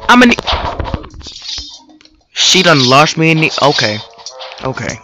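Excitable young guy gaming, lively pitch. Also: measured pace, pauses often, rough recording. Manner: excitable, trash-talking, slangy. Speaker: gaming YouTuber. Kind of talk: casual gameplay commentary. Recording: loud game music behind. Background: loud game music.

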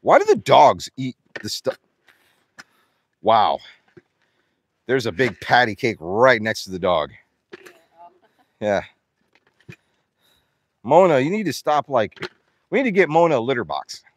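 A man vlogging outdoors while feeding his farm animals, excitable and out of breath, laughing and talking to the animals as he goes. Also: medium pitch, measured pace, long pauses, no echo.

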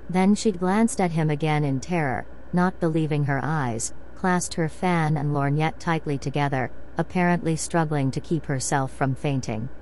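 Female narrator, deep voice, calm sleep-story read, faint hiss behind. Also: normal speed, few pauses, low-quality recording. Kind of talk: bedtime story reading.

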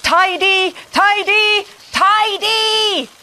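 A woman voicing a relentless tidying robot that barks loud, clipped commands in a bedtime storybook reading. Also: very high-pitched, extremely slow, no room sound, pitched above the performer's own voice, exaggerated voice. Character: relentless tidying robot, booming and single-minded.

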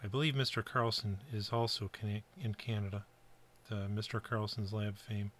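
A man's voice: fairly low pitch, steady tone, moderate pace, fairly bright tone, slight background noise. A middle-aged man from the Buffalo, New York area, narrating his kit build in a chatty, rambling way with fillers. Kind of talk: casual workbench narration.

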